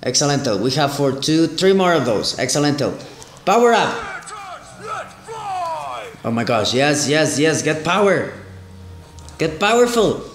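A man hosting a gaming channel, commenting excitedly on a mobile game, exclaiming and repeating his phrases. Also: fairly high pitch, takes it slowly, pauses often, echoey room.

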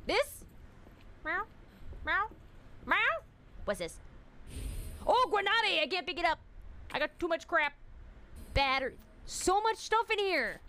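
A woman streamer with a very high, lively voice gives running commentary on a horror game. She yelps and shrieks at every scare and talks straight to her chat between frights. Her tone is bright and sharp, with a faint hiss in the background. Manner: jumpy, shrieking, chatty with viewers. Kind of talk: live gameplay commentary.

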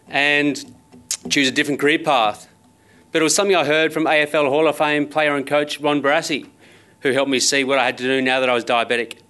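A man's voice: on the high side, sharp tone. An Australian man in his thirties giving a conference keynote, telling personal stories with wry, self-deprecating humour in a conversational way. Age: 30s. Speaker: motivational speaker. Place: conference stage.

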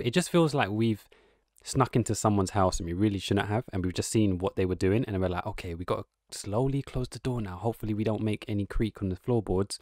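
A man's voice: lowish voice, no room sound, clean studio sound. A man giving casual, rambling reaction commentary, amused and musing aloud as the host.

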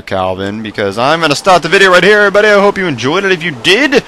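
A young man commentating a Minecraft Pokemon mod let's play, excitable, swearing and shouting at the game. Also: fairly high pitch, quick pace, few pauses, slight background noise, poor audio. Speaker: gaming YouTuber.

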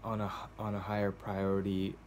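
At home in a cold indoor space, a male vlogger records a casual video journal, rambling and hesitating to the camera with plenty of fillers and restarts. His deep, darkish voice is completely flat and brisk, with a little hiss or hum in the background.

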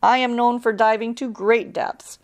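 A woman's voice: fairly high pitch, steady tone, normal speed, natural voice. A woman voicing a proud diving bird. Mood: boastful. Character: brave male hell diver bird, proud.

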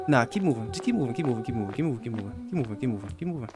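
A man hosting a gaming channel, giving casual commentary on a horror game and yelping high when he gets scared. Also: animated, racing, hardly any pauses, over loud music. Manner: talks to game characters jokingly.

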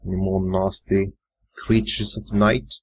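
A man's voice: low-pitched, level tone, unhurried, slight background noise. A man muttering and swearing casually while commentating his own live gameplay. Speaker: gamer. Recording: faint computer fan whine.

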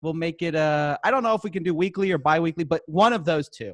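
Fast-talking joking young host. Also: male voice, fairly high pitch, no room sound. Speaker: podcast host. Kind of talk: comedic podcast chat.

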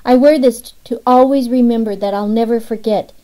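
A woman's voice: on the high side, fairly even intonation, a little fast, dark tone, voice pushed up, lightly acted, low-quality recording. A woman narrator voicing a determined young woman who speaks earnestly about a friend.

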